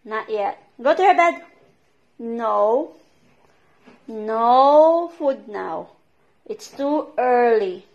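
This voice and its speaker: A woman coaxes and scolds her dogs in a high voice. She talks very slowly, with drawn-out commands and bursts of excited pet-talk. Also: gravelly, dull audio. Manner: slow commands, coaxing and scolding. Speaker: vlogger and dog owner.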